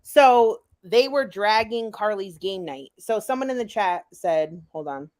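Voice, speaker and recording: A woman's voice: mid-range voice, animated, a little slow, darkish tone. A woman on a commentary stream, reading chat messages aloud and swearing back at them indignantly. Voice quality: profane, indignant.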